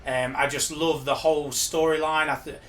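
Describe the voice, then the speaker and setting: A man's voice: on the high side, flat delivery, moderate pace, a bit bright. Enthusiastic man chatting games. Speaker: guest. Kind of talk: casual chat.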